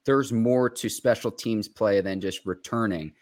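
A man with a lowish voice hosts a sports talk show. He reads out viewer questions and hands the floor to his co-host in an easy, casual way. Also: measured pace, darkish tone. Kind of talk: casual chat.

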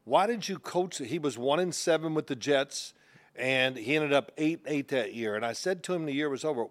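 A man's voice: on the high side, brisk. Older man telling football stories. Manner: storytelling, mock-defensive. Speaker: co-host, former player. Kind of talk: casual sports chat.

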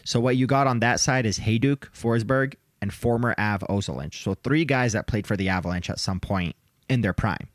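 A man co-hosting a casual sports podcast, chatty and quick to laugh as he rattles off names. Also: fairly low pitch, no room sound, clean studio sound. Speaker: podcast co-host.

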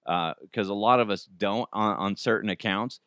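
A man's voice: on the low side, moderate pace, fairly bright tone, clean tone, dry recording, studio quality. A man hosting a casual comedic news podcast, joking, laughing often and slipping into goofy voices. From United States. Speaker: podcast host.

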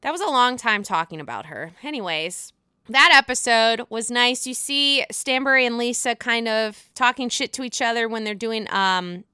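A woman's voice: fairly high pitch, sharp tone, clean tone, no room sound, clean studio sound. A young woman casually recapping a reality show episode, chatty and swearing freely while acting out what people said.

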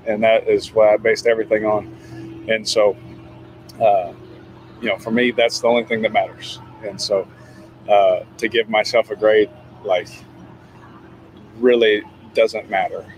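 A man answering questions at a press conference in a guarded, evasive way, halting with many fillers. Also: on the low side, a little hiss or hum, rough recording. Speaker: football player at a press conference.

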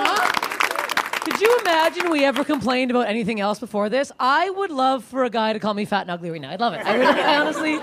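A woman from Canada performing a crude stand-up set, teasing the audience and laughing through her lines. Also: high-pitched. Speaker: stand-up comic. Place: comedy club stage. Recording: live club recording with loud crowd and noise.

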